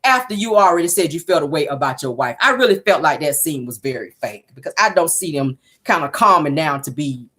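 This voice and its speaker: A woman, casually recapping a reality show. She is blunt and sassy, swears freely, and acts out quotes with big jumps in pitch. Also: animated, brisk, hardly any pauses, a bit bright, husky.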